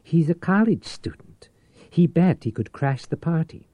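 A man voicing a fussy male social secretary who lisps and speaks in a discreet, formal hush. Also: a little high, animated, unhurried, dry recording, lo-fi sound, pitched above the performer's own voice. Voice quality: lisp, hushed whisper.

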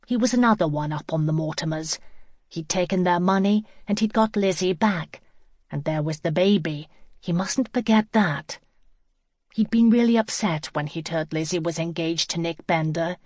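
A woman narrating a novel in a steady, even storytelling manner. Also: on the low side, no echo, clean studio sound. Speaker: audiobook narrator. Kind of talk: scripted narration.

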